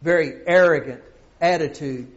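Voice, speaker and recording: A man's voice: on the high side, normal speed, dull audio. A middle-aged man preaching a sermon, often asking his congregation questions.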